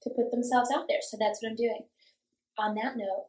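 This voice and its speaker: A woman's voice: fairly high pitch, level tone, moderate pace, a little mellow. A young woman telling a story in casual chat, acting out quotes and swearing freely. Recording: roomy echo.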